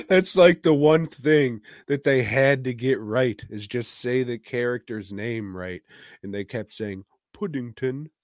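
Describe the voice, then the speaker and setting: A man's voice: medium pitch, sing-song, slow, no room sound, studio quality. A man co-hosting a podcast, chatting casually about movies in a rambling, profane way and chuckling between his points. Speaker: podcast co-host.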